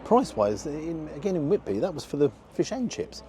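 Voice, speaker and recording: A man's voice: on the high side, very animated, a little fast, mellow, slight background noise. A man giving a frank, disappointed running commentary as he tastes food outdoors for his review vlog.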